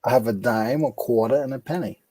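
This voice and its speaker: A man's voice: mid-range voice, fairly quick, mellow, dry recording. A man from New England with a Rhode Island accent, joking in a laid-back casual chat on a podcast.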